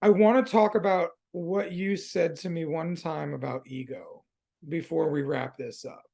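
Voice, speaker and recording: A man's voice: on the high side, steady tone, a little slow, vocal fry, darkish tone. A man hosting a podcast in casual conversation, laid-back and slangy, swearing freely. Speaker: podcast host.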